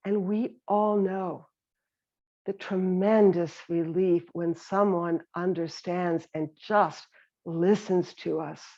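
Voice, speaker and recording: Slow, gentle woman giving a meditation talk. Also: lowish voice, fairly even intonation. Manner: gentle, unhurried, reflective. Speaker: meditation teacher. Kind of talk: reflective dharma talk. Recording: slightly dull lo-fi sound.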